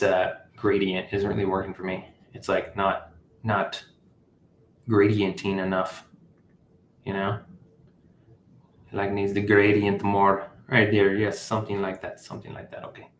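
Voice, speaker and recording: Slow low-voiced man thinking aloud. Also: little pitch movement, roomy sound, slight background noise. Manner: thinking aloud, halting, many fillers and self-corrections. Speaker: livestream host building an app. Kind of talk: casual live coding walkthrough.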